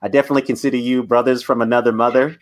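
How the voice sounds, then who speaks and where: A man's voice: medium pitch, little pitch movement, racing. Friendly man moderating a panel. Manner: friendly, conversational question-asker. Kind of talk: hosting a panel discussion.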